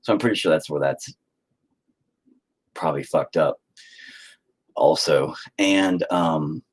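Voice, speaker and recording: A man's voice: very deep voice, takes it slowly, husky. A man, a father, ranting profanely and rambling on a casual live stream, slipping into mock voices. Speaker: livestreamer and father.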